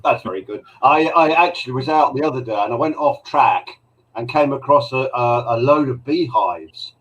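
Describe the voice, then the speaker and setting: A man on a live call-in style show, talking about his week in an easy, rambling way. His pitch sits mid-range and he often stumbles and restarts before he gets a story going. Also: moderate pace, a bit bright, rough recording. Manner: chatty storyteller, hesitant with repeated starts. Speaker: drone pilot and show regular. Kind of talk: casual chat on a live show.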